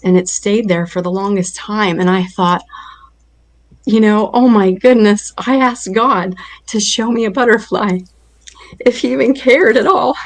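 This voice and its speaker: A woman guest on an interview show, earnestly telling a personal faith story with emotional recall. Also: mid-range voice.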